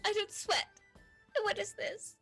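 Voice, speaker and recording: Woman plays a high, stuttering, panicky young nobleman. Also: fairly even intonation, a little slow, fairly bright tone, faint music behind, exaggerated voice. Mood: panicked. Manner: stammering, fretful. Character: frail, panicky young nobleman, feeling faint.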